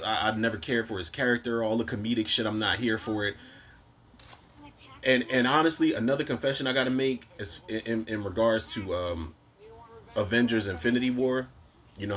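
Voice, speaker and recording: A man's voice: fairly low pitch, fairly bright tone. A man with a Philadelphia accent giving a casual, rambling movie review, full of slang and swearing, quoting lines from the films as he goes.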